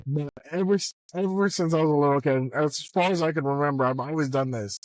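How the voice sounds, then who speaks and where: A man's voice: fairly high pitch, fast talker, no room sound, rough recording. A man hosting casual banter with his wife, joking and laughing often while driving. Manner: joking, provoking, laughs a lot. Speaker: podcast host.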